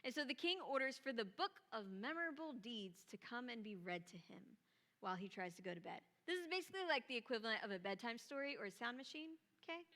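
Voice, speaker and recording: A woman preacher delivering a sermon in a church, retelling scripture with lively, casual asides. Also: a little high, fast talker, in a large hall. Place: church auditorium.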